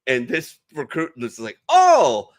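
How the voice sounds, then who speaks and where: A young adult man swaps barracks stories over a video call, cursing freely and animating every turn. His voice sits at an ordinary male pitch, loose and conversational. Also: normal speed. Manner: profane, animated storyteller. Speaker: veteran panelist. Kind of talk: casual storytelling chat.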